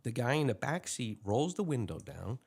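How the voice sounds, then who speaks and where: A man's voice: medium pitch, moderate pace, vocal fry, breathy edge. A man, a retired police lieutenant telling a story in an interview and acting out the dialogue in a raised voice. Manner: animated, acts out dialogue in a raised voice.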